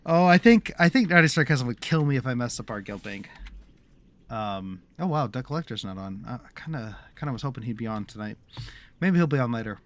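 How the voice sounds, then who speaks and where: A man's voice: medium pitch, animated, brisk. Rambling man streaming a game. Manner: rambling, restarts often, chatty with viewers. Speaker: livestreamer. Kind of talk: casual gameplay commentary.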